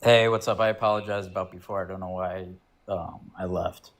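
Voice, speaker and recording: A man's voice: sits low, fairly even intonation, brisk. A man calling into a live stream debate, making his case hesitantly with many fillers. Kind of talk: casual argument.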